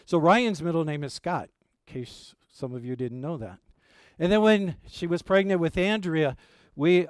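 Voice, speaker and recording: A man's voice: fairly high pitch, a little mellow, smooth, dry recording, studio quality. A middle-aged male pastor preaching a sermon, telling family stories in a folksy, rambling way with many fillers.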